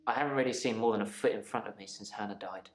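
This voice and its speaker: An actor playing a subdued, regretful patient in a video game, with acted dialogue. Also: male voice, fairly low pitch, quick pace, echoey room, natural voice.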